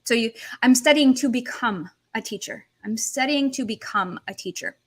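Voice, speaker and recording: A woman teaching a language lesson on a livestream, animated, switching between languages as she explains. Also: fairly high pitch, moderate pace. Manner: animated, switches between English, Russian and Portuguese.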